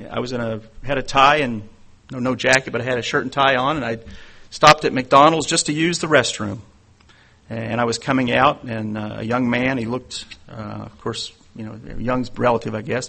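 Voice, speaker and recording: A man preaching a sermon in an earnest, conversational way, telling personal stories and dropping into quieter asides. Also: medium pitch, vocal fry, husky. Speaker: pastor.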